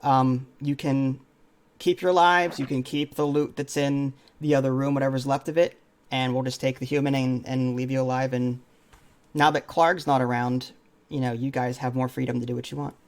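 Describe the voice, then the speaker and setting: Man, player, middle pitch, hesitant, lots of ums. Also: little pitch movement, moderate pace. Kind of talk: casual tabletop game talk.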